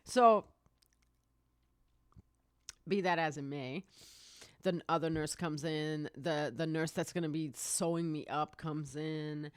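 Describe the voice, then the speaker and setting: A woman in her late thirties spins a casual story on her podcast, laughing often and swearing freely as she acts out other people's lines. Her voice sits on the low side, and the sound is close and dry with no room around it. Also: fairly even intonation, takes it slowly, pauses often, smooth, no room sound. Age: 30s. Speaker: podcast host. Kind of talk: casual anecdote telling.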